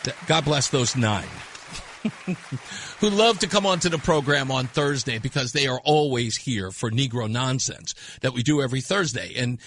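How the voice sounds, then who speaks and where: A man's voice: mid-range voice, moderate pace, a bit bright. A man hosting a talk radio show, delivering a mocking, scornful monologue into a studio mic. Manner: mocking, scornful, laughs at callers.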